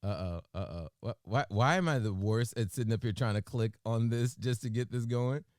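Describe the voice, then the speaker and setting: A man co-hosting a morning radio show, bantering and joking with an animated, emphatic delivery in a studio. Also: fairly low pitch, moderate pace, no room sound.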